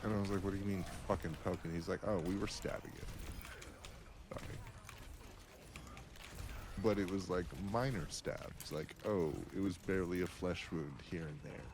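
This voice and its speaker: A man's voice: low-pitched, fairly even intonation, normal speed, pauses often, noisy background. A young man chatting casually while playing a video game, swearing often and telling a story with lots of laughter. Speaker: gameplay streamer. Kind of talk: casual chat while gaming.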